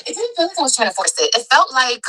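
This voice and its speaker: A woman's voice: high voice, sing-song, quick pace, sharp tone, poor audio. A woman in a casual chat, telling her story with slang, cursing and laughing asides. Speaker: guest in a played clip.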